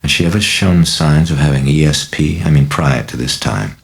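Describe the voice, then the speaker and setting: A weary Jesuit priest in a horror audiobook, read by a man, asking calm, measured questions. His voice is very deep and gravelly.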